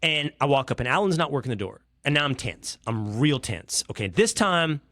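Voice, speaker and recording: A middle-aged man from Texas, hosting a podcast, telling an exasperated, comic story that swings from hushed asides to loud outbursts. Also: mid-range voice, sing-song, moderate pace. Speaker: podcast host. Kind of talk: animated storytelling monologue.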